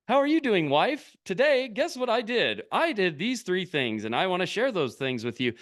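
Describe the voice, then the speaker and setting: A stiff, overly formal man announcing his day in a stilted way, as a man puts him on. The voice jumps up high and swings widely from word to word. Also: very animated, moderate pace, a bit bright. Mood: mock formal.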